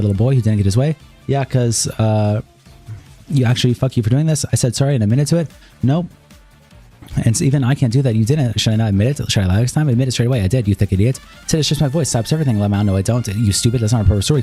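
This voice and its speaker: A man reads chat logs aloud on a live stream at a breakneck pace. His voice is dark and mellow, and he runs the lines together with only brief asides of his own. Faint music plays softly behind him. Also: medium pitch.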